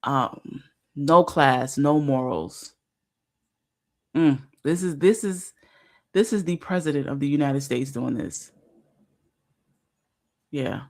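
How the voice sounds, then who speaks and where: A woman hosting a casual livestream, talking emphatically, repeating herself and filling pauses with fillers. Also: low voice, a little mellow. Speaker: livestream host.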